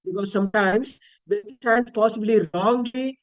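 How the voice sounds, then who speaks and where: Through a video call, an Indian man with a high voice teaches Vedic chanting in a webinar, speaking at a normal speed. He patiently explains and chants Sanskrit words to show how they're intoned, in a rough recording.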